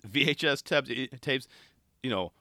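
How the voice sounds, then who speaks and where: A middle-aged man hosting a podcast, talking casually in a rambling, relaxed way with many restarts. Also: mid-range voice, measured pace, no echo, clean studio sound. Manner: rambling, relaxed, self-interrupting. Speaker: podcast host. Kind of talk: casual solo podcast talk.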